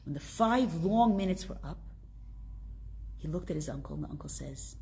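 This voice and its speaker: A woman teaching a class, telling a story and asking her students questions in a lively way. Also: low voice, brisk, creaky, a little hiss or hum.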